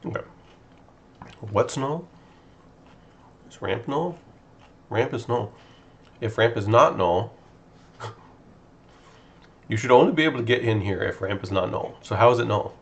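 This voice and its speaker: Low-voiced man thinking aloud while coding. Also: animated, a little slow, long pauses, a little hiss or hum. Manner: muttering to himself while debugging, thinking aloud. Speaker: game developer streaming. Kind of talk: casual live-stream chat while coding.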